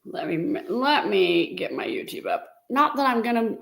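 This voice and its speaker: A woman's voice: a little high, expressive, normal speed, vocal fry, a bit bright. A middle-aged woman hosting a casual live stream and talking directly to her viewers in a chatty way. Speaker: live-stream host and reseller.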